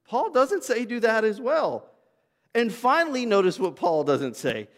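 High-voiced pastor in a reverberant hall. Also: male voice, big pitch swings, measured pace, a bit bright. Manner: conversational, anecdotal preaching with asides to the congregation. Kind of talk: sermon. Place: church sanctuary. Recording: long reverb of a church hall.

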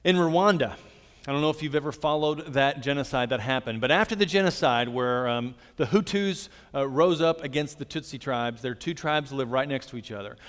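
A man's voice: mid-range voice, moderate pace. Earnest man preaching in a reverberant hall. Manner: earnest, gentle storytelling preacher. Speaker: pastor. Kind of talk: sermon.

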